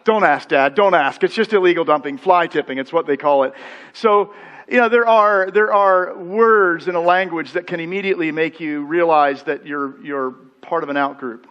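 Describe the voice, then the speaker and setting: A man's voice: fairly high pitch, moderate pace, lo-fi sound. A middle-aged American man preaching a sermon as pastor, telling anecdotes with quoted voices. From United States. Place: church sanctuary.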